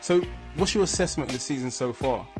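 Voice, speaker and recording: A man's voice: mid-range voice, animated, fast talker. Man, podcast host, casual banter, faint music. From England. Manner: laughing, hyped banter. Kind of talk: casual sports podcast chat.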